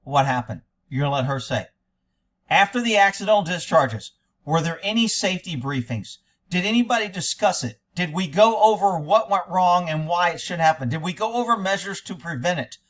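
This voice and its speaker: A man with a high-pitched voice gives blunt, scornful commentary on a recorded interview. He talks in a sarcastic, cutting way and curses now and then. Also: expressive, brisk, fairly bright tone. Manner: profane. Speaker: commentator reacting to interview audio. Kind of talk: critical commentary.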